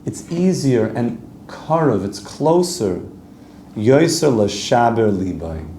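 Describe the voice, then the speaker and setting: A man's voice: mid-range voice, very animated, slow, warm tone, reverberant, a little hiss or hum. A man, a rabbi giving an earnest, conversational Torah class, reading Hebrew text aloud and translating it as he goes. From Canada.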